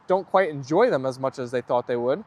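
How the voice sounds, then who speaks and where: A man's voice: medium pitch, lively intonation, brisk, a little mellow. A man hosting a casual live stream, chatting away and reading viewer comments aloud, then answering them.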